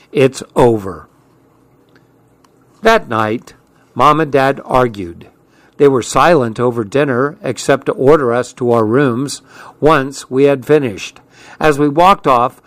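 A man reading a first-person story aloud in scripted narration, measured and unhurried. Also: mid-range voice, dry recording. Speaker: audiobook reader.

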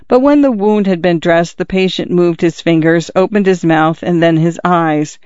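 A man narrating a classic short story in a measured, even storytelling manner. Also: high-pitched, smooth, no echo, highs cut off.

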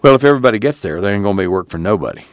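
A man's voice: fairly low pitch, animated, rapid-fire, no room sound, clean studio sound, natural voice. A man voicing a weary drifter who talks in a plain, blunt rural drawl.

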